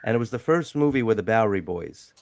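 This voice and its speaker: A middle-aged man retelling an old film story at length on a video call, rambling and animated, acting out quotes. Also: fairly low pitch, quick pace, no echo. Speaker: guest on a live panel. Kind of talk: casual storytelling on a group call.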